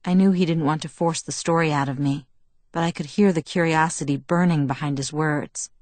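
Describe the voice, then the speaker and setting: A woman's voice: low-pitched, brisk, dry recording. Woman narrating a first-person audiobook. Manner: even, intimate storytelling.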